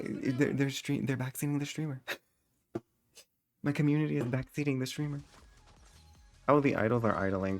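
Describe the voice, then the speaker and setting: A man streams a game live and answers his chat in a sassy, theatrical manner, his voice jumping high whenever he exclaims.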